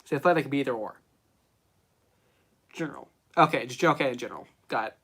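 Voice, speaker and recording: A man hosting a relaxed live stream about movies, chatting off the cuff. He rambles, leans on fillers, and reads chat questions back aloud. His talk sounds unscripted and conversational throughout. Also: medium pitch, fast, husky. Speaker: streamer host.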